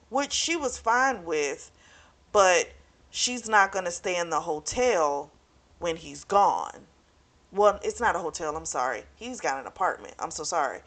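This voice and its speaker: A young book club vlogger with a medium-pitched, fairly bright voice casually recaps and reviews a romance novel. She's chatty and frank, swears freely, and talks straight to her viewers.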